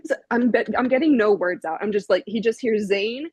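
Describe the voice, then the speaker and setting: A woman in her twenties, a podcast guest, telling a story in a casual, animated way, laughing often and using lots of fillers. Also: mid-range voice, a little fast, husky, no echo. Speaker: podcast guest, vinyl collector.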